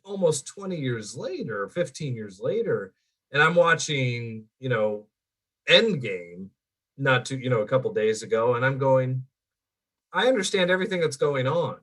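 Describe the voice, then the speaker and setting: A man co-hosting a casual movie chat, excitable and jokey, with lots of "like" and "you know". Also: medium pitch, unhurried. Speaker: co-host. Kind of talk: casual live-stream chat.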